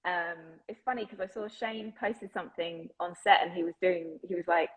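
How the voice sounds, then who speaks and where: A woman's voice: on the low side, moderate pace, poor audio. A woman with an English accent, chatting enthusiastically as an actress being interviewed and laughing often. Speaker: actress guest. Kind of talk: casual interview chat.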